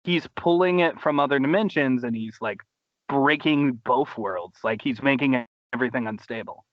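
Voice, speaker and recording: A man's voice: medium pitch, normal speed, no room sound, muffled recording. A man hosting a casual podcast, recapping episodes with enthusiastic, rambling talk. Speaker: podcast host. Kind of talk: casual chat.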